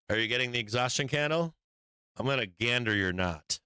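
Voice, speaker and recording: A stock market livestream host with a bright, crisp, lowish-pitched voice riffs through live market commentary, animated and a little fast. He swears freely and rambles while sketching charts on the fly. The recording is dry and close, with no room around it.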